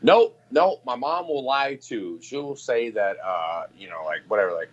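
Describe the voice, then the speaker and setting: A man's voice: on the low side, expressive, measured pace, few pauses. A man hosting a casual chat show, telling a long profane story with sarcasm and mocking quoted voices. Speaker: podcast host. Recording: dull lo-fi sound.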